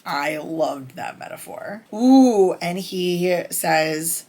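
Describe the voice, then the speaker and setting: A woman's voice: lowish voice, animated, extremely slow, dark tone. A woman chatting casually as a book reviewer, candid and enthusiastic about her favorite lines.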